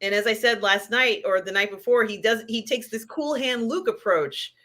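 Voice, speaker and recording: Giggly, rambling woman host on a casual livestream, bright voice. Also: on the high side, normal speed. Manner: rambling, many fillers, giggly. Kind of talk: casual live-stream pop culture chat.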